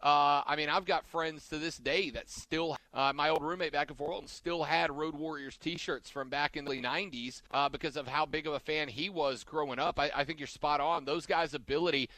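Male podcast host, bright dry voice, rambling and conversational, restarts his sentences often. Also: a little high, steady tone, normal speed, hardly any pauses, no room sound. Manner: rambling, trails off and backtracks mid-sentence. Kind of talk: casual wrestling podcast chat.

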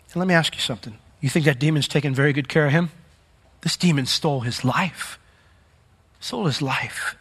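A man preaching a sermon as pastor, telling a story with big swings between loud emphasis and quiet asides. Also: medium pitch, slightly rough. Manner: animated storytelling with dramatic swings in volume.

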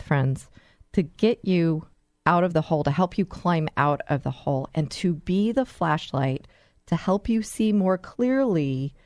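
A woman's voice: low-pitched, a little mellow, no room sound, clean studio sound. Earnest woman hosting a radio talk show. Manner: earnest, encouraging, storytelling.

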